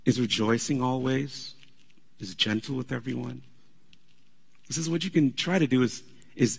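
A man preaching a sermon as pastor, animated and conversational, laughing often as he talks. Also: medium pitch, gravelly, breathy edge, in a large hall.

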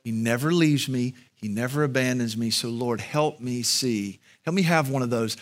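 A male pastor giving an earnest sermon and closing prayer, with slow, emphatic pauses. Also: mid-range voice.

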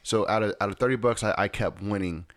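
A man's voice: fairly low pitch, quick pace, no room sound. A man casually telling a rambling story at home, often checking in with his listeners. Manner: rambling, repeats "right?". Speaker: vlogger.

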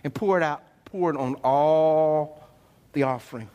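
A pastor playing a bold prophet who mocks his rivals with teasing, loud taunts. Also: high voice, very animated, normal speed.

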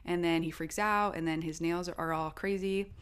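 A young adult woman co-hosting a casual parenting chat, talking in a chatty way and acting out quotes with lively bursts. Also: lowish voice, moderate pace, smooth. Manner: chatty, quotes herself and her toddler in animated bursts. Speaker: podcast co-host.

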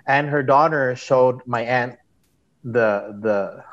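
A man's voice: mid-range voice, slow, fairly bright tone. A man telling a personal story in casual conversation as an interview guest, rambling and saying "like" a lot. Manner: rambling, heavy use of "like". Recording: dull, muffled sound.

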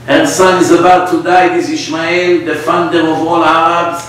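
Brief: man, rabbi telling stories and quizzing listeners, slightly high voice, distant, echoey. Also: normal speed. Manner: animated, asks the audience questions. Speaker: rabbi teaching a class. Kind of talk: storytelling sermon. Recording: echoey room, distant mic, faint noise.

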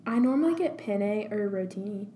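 A woman's voice: mid-range voice, lively intonation, moderate pace, dark tone. Young woman, casual chat, chatty and lilting, roomy echo, faint hiss. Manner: chatty, reads out options with rising lilt. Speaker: quiz co-host.

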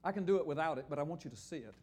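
High-voiced older pastor preaching. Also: male voice, very fast, breathy edge. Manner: animated, joking, asks the audience questions. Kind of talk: sermon teaching with slides.

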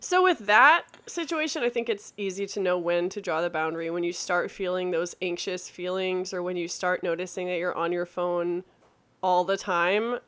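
A woman's voice: lowish voice, normal speed, a bit bright. A woman co-hosting a podcast, reflective and candid in casual chat. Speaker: podcast co-host.

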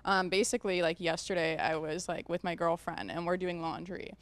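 A woman, a podcast guest, telling a story in casual chat, animated and quick to laugh. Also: fairly low pitch.

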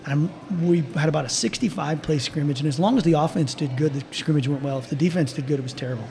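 An older man with a fairly high voice tells a story in a loose, rambling way. He restarts his sentences often and laughs lightly as he talks. His tone is casual and friendly. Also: fast, creaky, mellow. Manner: rambling, with frequent restarts and chuckles. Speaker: guest, team doctor.

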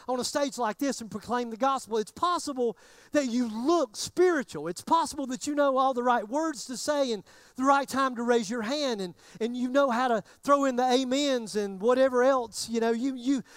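A man preaching in a drawl, his voice sitting unusually high. He talks to the congregation like a friend and slips into their inner thoughts as he goes. The sound is close and dry, with almost no room echo. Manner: conversational preaching, acting out listeners' thoughts. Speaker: pastor. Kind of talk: sermon.

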